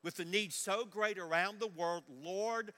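A man's voice: high-pitched, a little slow, sharp tone, voice pushed up. An older preacher voicing a frustrated male campus pastor who is lamenting, exasperated and stacking up lists and repeated phrases. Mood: earnest. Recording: echoey large hall.

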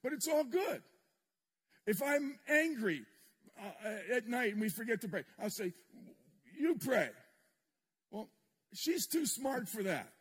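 An older man preaches in a large church hall with long reverb, his husky voice very high-pitched, fairly bright and lively in intonation, and a little slow. Before the congregation he tells a personal story frankly and self-deprecatingly, adding touches of humor.

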